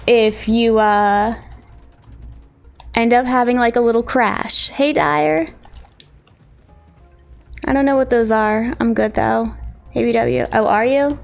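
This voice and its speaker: A woman streaming live, chatting casually and greeting her viewers one by one, with bursts of excitement. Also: on the high side.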